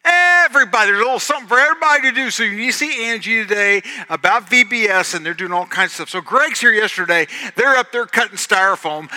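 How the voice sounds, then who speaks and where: A Southern man preaching and making announcements from the pulpit. His voice is bright and slightly high, and he swings between loud, joking bursts and quiet, earnest moments. A long church reverb trails every phrase. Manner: loud, animated, jokey, swings between shouting and hushed. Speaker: pastor. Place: church sanctuary.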